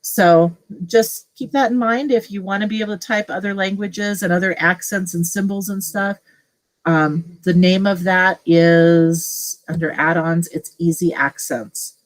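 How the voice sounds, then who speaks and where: A middle-aged woman teacher casually walking colleagues through a software tutorial, thinking aloud as she clicks. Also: fairly low pitch, fairly even intonation, measured pace, poor audio. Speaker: teacher leading a tech training session. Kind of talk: screen-share tutorial for colleagues.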